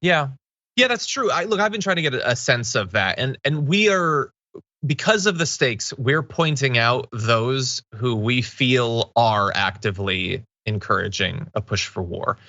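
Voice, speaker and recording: A male co-host riffs through political commentary with sardonic, mocking asides. His voice is bright and forceful. The sound is dry and a little dull. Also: medium pitch, lively intonation, measured pace, no room sound.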